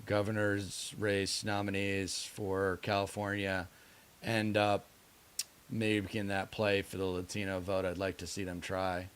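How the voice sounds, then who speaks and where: Lowish guy on a podcast, smooth voice, pretty monotone, blunt about politics. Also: a little slow. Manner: blunt, declarative. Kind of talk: casual political podcast chat.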